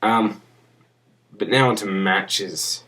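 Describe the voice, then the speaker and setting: A man's voice: on the low side, takes it slowly, pushed and bright. A young man rambling crudely and profanely into a webcam in a casual vlog, sounding drunk. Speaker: vlogger.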